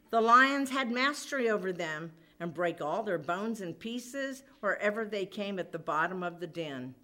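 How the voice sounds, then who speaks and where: Slow, animated woman preaching. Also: medium pitch. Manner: emphatic, dramatic, acts out quoted voices. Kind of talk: sermon retelling a scripture story.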